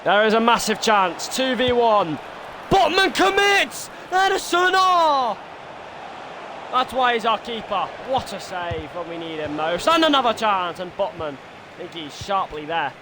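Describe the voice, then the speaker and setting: A man streaming a football video game, doing his own match commentary that swings from quiet musing to shouted goal calls. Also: high-pitched, expressive, normal speed. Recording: noisy background ambience.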